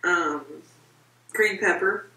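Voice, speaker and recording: Woman in a vlog, dry and teasing, loud crowd noise all around her. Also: on the low side, drawn-out words, low-quality recording. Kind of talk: casual chat in a vlog.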